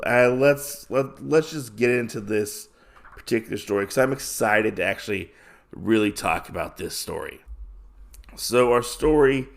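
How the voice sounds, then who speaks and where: A man's voice: lowish voice, vocal fry. A man hosting a podcast, casually recapping a comic in a rambling way with lots of fillers. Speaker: podcast host.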